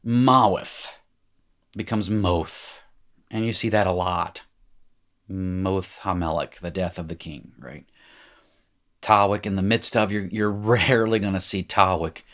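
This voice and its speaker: A man with a somewhat low voice teaches a recorded language lesson. He talks casually and drops in little jokes as he walks through examples. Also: unhurried, long pauses, fairly bright tone. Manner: chatty, joking asides. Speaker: Hebrew teacher. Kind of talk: recorded lecture.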